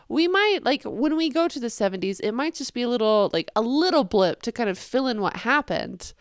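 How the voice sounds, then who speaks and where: Animated young woman reacting to a show. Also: a little high, fast talker, few pauses, smooth, no echo, studio quality. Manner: animated, swings from loud outbursts to quiet asides. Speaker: reaction video host. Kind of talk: excited casual reaction commentary.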